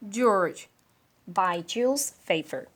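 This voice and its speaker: Lady teaching english through a kids story, really slow, chatty and animated. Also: mid-range voice. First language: Korean. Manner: animated, chatty, laughs often. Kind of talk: storybook read-aloud with explanations.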